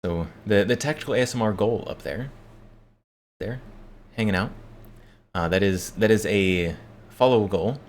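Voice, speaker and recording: A man chatting on a live stream from his desk, answering viewer messages in a relaxed way, chuckling often and repeating words as he talks. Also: fairly low pitch, normal speed. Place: home room at his desk. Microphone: desk microphone.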